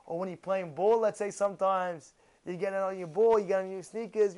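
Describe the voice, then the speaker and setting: High-pitched, animated male rabbi. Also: moderate pace, clean tone. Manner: animated, acts out excited voices, gasps, rhetorical questions. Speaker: rabbi teaching a Torah class. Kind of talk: animated Torah class.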